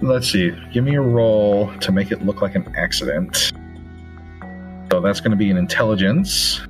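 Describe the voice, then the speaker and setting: A man narrates a tabletop game as its game master. His voice sits low, and he talks in a loose, halting way, full of fillers. Faint music plays behind him. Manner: relaxed, halting, many fillers.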